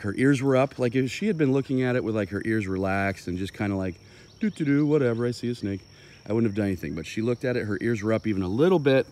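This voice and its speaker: A man's voice: on the low side, darkish tone. A man, a dog trainer, explaining his methods in a loose, impromptu way on an outdoor walk, thinking aloud with plenty of fillers.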